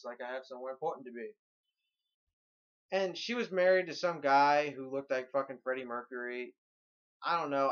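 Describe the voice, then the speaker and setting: A man's voice: fairly high pitch, fairly bright tone, dull audio. A man giving a casual movie review in a blunt, rambling, profane way.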